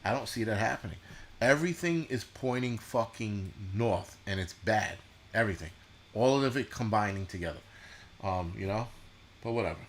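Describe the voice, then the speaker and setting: Profane, mocking man with a low voice. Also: lively intonation, a little hiss or hum. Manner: blunt, profane, mocking, with halting restarts. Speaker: show host. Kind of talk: profane casual livestream rant.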